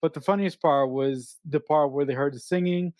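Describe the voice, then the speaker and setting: A man co-hosts a casual film-review chat in a somewhat high voice. He talks in halting bursts, restarting phrases and swearing lightly as he gives his view. The recording is close and dry. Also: a little mellow, dry recording. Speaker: podcast co-host.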